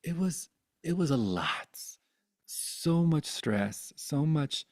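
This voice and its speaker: A man in his thirties telling his life story with candid, animated feeling, swearing freely and often restarting his sentences. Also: a little high, takes it slowly.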